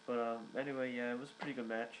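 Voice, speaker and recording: A man's voice: mid-range voice, flat delivery, very fast, slight background noise, low-quality recording. A young man giving a casual recap, rambling with many fillers and restarts. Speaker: wrestling reviewer.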